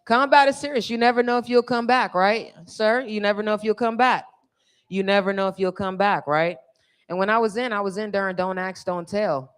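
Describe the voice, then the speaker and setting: A woman's voice: mid-range voice, steady tone, brisk, clear, resonant tone. Brash, bawdy woman comic. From California. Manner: bawdy, brash, teases the crowd directly. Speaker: stand-up comedian. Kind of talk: live stand-up routine. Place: live comedy stage.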